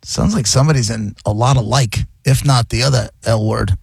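A male radio co-host with a gravelly, fry-heavy voice, recorded dry and close in the studio. He sits at an ordinary male pitch and cuts in with short, blunt wisecracks and teasing questions. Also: brisk, dry recording. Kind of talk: casual studio chat.

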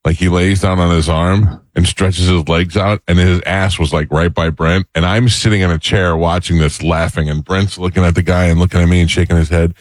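This is a middle-aged man with a deep, low voice, hosting a talk show. He tells his stories in a casual, animated way and acts out the other people's voices. The sound is close and dry, with no room in it. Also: a little fast, few pauses, no room sound. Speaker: radio show host. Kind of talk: casual storytelling chat.

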